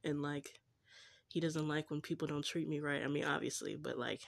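A woman's voice: deep voice, steady tone, normal speed, creaky. A young woman vlogging in a casual, confessional way, gushing and giggly, with a slangy manner. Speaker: faith vlogger.

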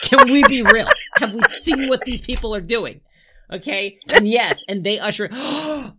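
A young woman co-hosting a casual podcast chat, loud and rambling, breaking into laughter and silly voices. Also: mid-range voice, expressive, moderate pace. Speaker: podcast co-host.

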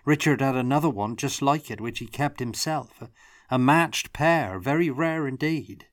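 A man reading aloud, voicing a gruff, secretive halfling cook telling a grave story. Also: mid-range voice, normal speed, no echo, clean studio sound, voice pushed up, close to an everyday voice.

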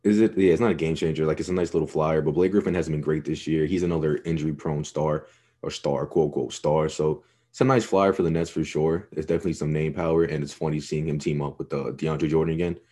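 A man's voice: very deep voice, fairly even intonation, quick pace, mellow. A young man co-hosting a sports podcast, chatting casually in a laid-back, rambling way and swearing freely. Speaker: podcast co-host.

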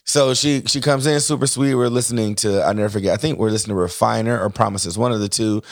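Low-voiced man telling a story animatedly. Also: quick pace, no room sound, clean studio sound. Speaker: co-host telling a family story. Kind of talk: casual storytelling chat. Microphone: microphone.

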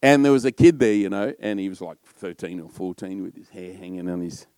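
A middle-aged pastor with an Australian accent preaches a sermon, telling stories loudly and warmly. His voice sits low with fairly even intonation, his pace is brisk, and there is no echo.

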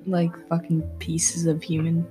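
A young woman co-hosts a casual podcast, dropping short, blunt, sometimes profane reactions. Her voice sits a little low and she speaks slowly. Faint music plays beneath her. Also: completely flat delivery, dark tone. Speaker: podcast co-host.

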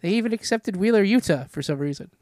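Stuffy guy with a head cold cohosting, swears a lot, slightly high voice. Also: lively intonation, fast talker, a little mellow, no room sound, clean studio sound. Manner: blunt, swears casually. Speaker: podcast co-host. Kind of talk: casual chat.

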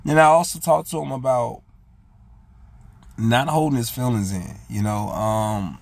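A man's voice: mid-range voice, measured pace, vocal fry, no echo. A man hosting his own vlog, talking earnestly and casually about raising his son, often retelling what he said with "I said". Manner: earnest, repeats "I said" while retelling talks. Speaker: vlog host. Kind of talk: casual heartfelt monologue.

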